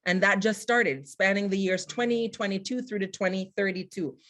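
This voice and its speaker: A woman whose first language is Jamaican Patois, giving an earnest, halting webinar talk as a guest speaker and poet over a video call. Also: mid-range voice, fairly even intonation, fairly bright tone. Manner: earnest, halting, with many restarts. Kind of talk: webinar presentation.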